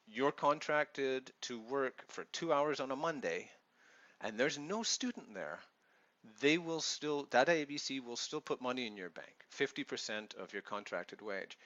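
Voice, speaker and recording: A man's voice: mid-range voice, a bit bright, muffled recording. A man with a Canadian accent who teaches English online, giving earnest, reassuring advice to new teachers in a vlog. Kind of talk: advice vlog talking to camera.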